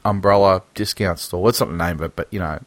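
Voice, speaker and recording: Podcast co-host, man, lower pitch, dry mic, laid-back and joking. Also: fairly even intonation, fast talker, no room sound. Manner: laid-back, crude jokes. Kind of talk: casual film chat.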